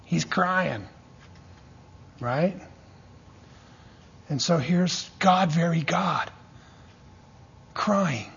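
Male preacher, very husky and breathy tone, fairly high voice, lively call-and-response delivery, dull lo-fi recording. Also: extremely slow, long pauses. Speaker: pastor teaching a church class. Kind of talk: sermon.

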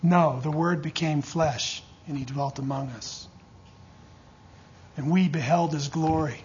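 A man's voice: on the high side, measured pace, darkish tone, lo-fi sound, a little hiss or hum. A man preaching a teaching sermon, checking in with his listeners again and again with call-and-response asides. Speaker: pastor teaching a church class.

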